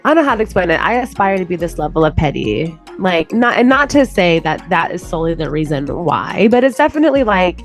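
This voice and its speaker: A woman co-hosting a podcast in casual chat, chatty and quick to laugh. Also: lowish voice, big pitch swings, faint music behind. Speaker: podcast co-host.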